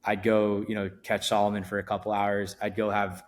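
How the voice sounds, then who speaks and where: A middle-aged man who founded an event company appears as a podcast guest in a casual interview chat. He rambles, restarting sentences and using fillers, in a lowish, monotone voice at a brisk pace.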